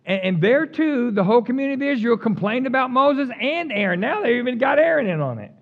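Man, pastor, sermon, high voice, jokey, acts out scripture, muffled lo-fi sound. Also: fast talker. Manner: animated, jokey, reads scripture aloud acting out the complainers.

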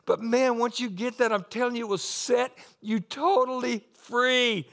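A middle-aged man preaches with a high, ringing voice that stays unusually high for a man. He moves from fervent exhortation into soft, tearful tenderness, with short laughs between lines. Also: a little slow, vocal fry. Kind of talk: sermon.

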